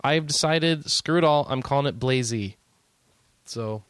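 A man's voice: mid-range voice, unhurried, a bit bright, smooth. A man hosting a gaming podcast in casual chat, joking and rambling, laughing easily. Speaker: podcast host.

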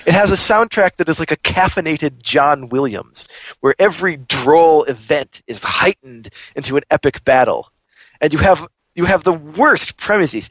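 A man's voice: a little high, fairly bright tone, no echo. A man hosting a podcast, ranting animatedly in casual chat. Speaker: podcast host.

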